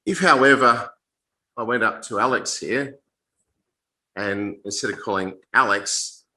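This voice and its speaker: A low-quality recording of a man leading a casual Bible talk for a small group; his voice is lowish, bright and forceful. His explanations are plain and conversational, though halting, as he keeps repeating and restarting phrases partway through sentences.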